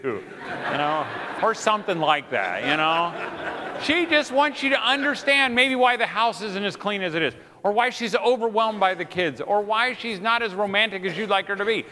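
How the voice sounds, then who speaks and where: A man's voice: high-pitched, expressive, normal speed, crowd noise. A man giving a humorous sermon, telling self-mocking stories about family life to a live audience in a hall. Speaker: preacher.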